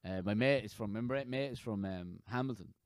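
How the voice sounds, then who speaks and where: A man in his thirties hosting a podcast in casual chat, rambling and halting with frequent restarts. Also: lowish voice, no echo. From Ireland. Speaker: podcast host.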